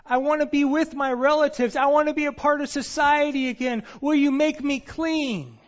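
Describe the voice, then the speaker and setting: A man's voice: very high voice, big pitch swings, slow, darkish tone, lo-fi sound, pitched above the performer's own voice, full character voice. A man acting out a desperate leper who begs to be made clean, in a sermon. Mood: pleading. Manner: desperate, beseeching.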